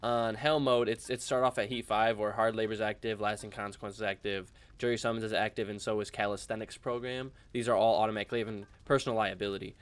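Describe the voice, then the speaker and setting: A young man chatting casually in a rambling, animated way while playing a video game for his channel. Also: fairly low pitch, fast talker, few pauses, smooth. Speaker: gaming channel host. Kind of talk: casual let's-play commentary.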